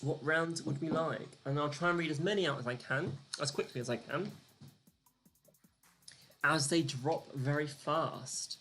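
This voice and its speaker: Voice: medium pitch, fairly even intonation, measured pace, fairly bright tone, faint music behind. A live-streamed quiz host, chatty and self-deprecating, counting down the clock and reading out the answers and the leaderboard.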